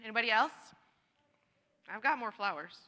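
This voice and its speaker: A bright, forward woman's voice leads a church gathering, chatty and encouraging with frequent laughter. Her slightly high voice rings out with the long reverb of a church hall. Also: lively intonation, moderate pace, lo-fi sound. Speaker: church worship leader. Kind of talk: leading a congregation sharing time. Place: church sanctuary.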